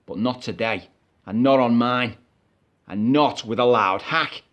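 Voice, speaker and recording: Guy doing a grumpy bus driver, way lower than his own voice, slow and blunt. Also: a bit bright, natural voice. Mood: stern. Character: gruff stern male bus driver. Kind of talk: stage monologue.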